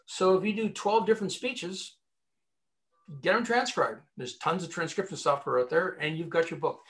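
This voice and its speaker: Animated storytelling man, high voice. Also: normal speed. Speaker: recruiter and author, guest. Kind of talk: conversational interview.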